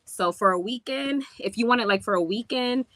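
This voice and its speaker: A woman chatting to viewers in a casual live stream while showing a rental villa, talking in a slangy, relaxed way. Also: fairly high pitch, fairly quick, no room sound. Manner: chatty, addresses viewers, drops into slangy speech. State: out of breath from climbing stairs. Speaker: vlogger touring a rental villa.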